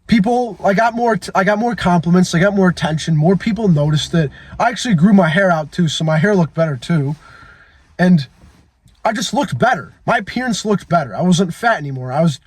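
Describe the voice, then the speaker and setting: A man's voice: sits high, darkish tone, no echo. A man in his twenties talking into his phone in a blunt, profane, emphatic confessional monologue. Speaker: fitness vlogger.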